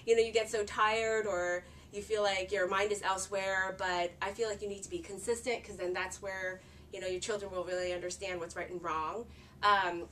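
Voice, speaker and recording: A chatty woman in her thirties shares parenting advice in an earnest, easygoing way. Her voice sits at a middle pitch and comes from a little way off the mic. A faint hum of background noise runs underneath. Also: a bit bright, far from the mic. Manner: chatty and earnest, with filler words. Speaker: parenting vlogger. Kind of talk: casual talk to camera.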